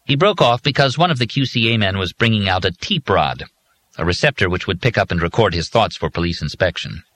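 A man narrating an audiobook in a measured, even storytelling manner. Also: low voice, no echo. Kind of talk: scripted narration.

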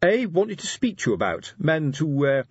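A man's voice: on the high side, very animated, normal speed, husky, no echo, muffled recording, voice pushed up. A man voicing a pompous, lecturing middle-aged police sergeant who talks in a fussy, hesitant way.

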